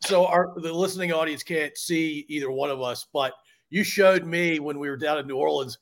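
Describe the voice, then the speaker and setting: A man's voice: on the high side, moderate pace, a bit bright. A man hosting a podcast, asking his guest questions in a conversational way and often repeating words. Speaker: podcast host. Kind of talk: interview conversation.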